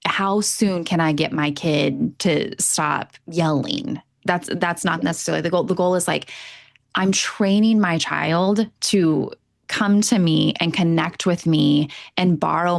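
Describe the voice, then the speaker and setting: A woman's voice: fairly low pitch, vocal fry. A woman hosting a podcast as an emotional wellness coach, chatting casually with a guest over a remote call and affirming her with lots of fillers.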